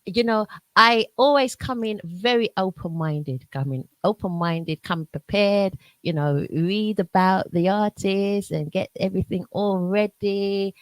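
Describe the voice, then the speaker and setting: A UK woman with a South London accent hosts a casual radio interview, gushing warmly about her guest and laughing often. Her voice is medium-pitched and measured, with hardly any pauses and no room sound.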